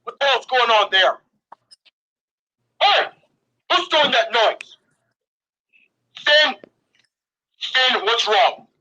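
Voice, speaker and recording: A man's voice: extremely high pitch, lively intonation, very slow, pauses often, bright, forceful tone, dull audio, voice pushed up, exaggerated voice. A man voicing a weary adult teacher who takes roll call and snaps at noisy pupils. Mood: exasperated. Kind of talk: voicing game characters aloud.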